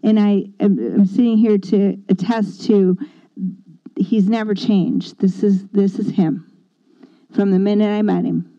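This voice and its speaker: A woman's voice: mid-range voice, fairly even intonation, a little slow, dark tone, highs cut off. A woman speaking earnestly and casually about her husband's faith, with light laughs. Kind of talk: casual testimony chat.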